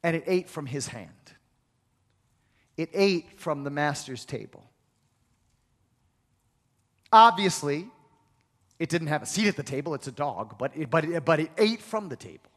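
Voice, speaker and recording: A male pastor preaches an emphatic, repetitive sermon in a church sanctuary, leading the congregation in call-and-response. His fairly high voice is expressive, with a measured pace and frequent pauses. The recording carries the long reverb of a large hall.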